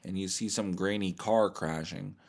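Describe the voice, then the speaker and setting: Low-voiced man, crude deadpan rambling. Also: normal speed, creaky. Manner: crude, profane, deadpan mock-serious. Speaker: podcast host. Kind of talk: rambling comedic monologue.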